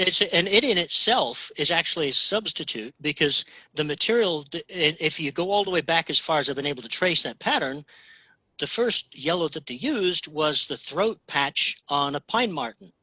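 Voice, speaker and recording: A man's voice: on the high side, expressive, moderate pace, sharp tone, no echo, low-quality recording. A man telling stories as an interview guest, rambling with many restarts and often asking "okay?". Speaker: guest, fly tier. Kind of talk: casual interview chat.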